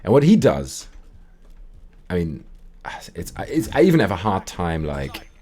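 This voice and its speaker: A man's voice: deep voice, unhurried. A man hosting a live stream, chatting casually and rambling through stories while he plays. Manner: rambling, animated storytelling with put-on quote voices. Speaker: streamer and call-in show host. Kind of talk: casual gaming stream chat.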